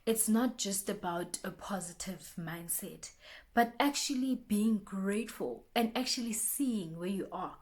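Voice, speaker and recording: A young woman vlogging a casual motivational talk, chatty, repeating herself and restarting often, acting out friends' lines in lively bursts. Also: mid-range voice, measured pace.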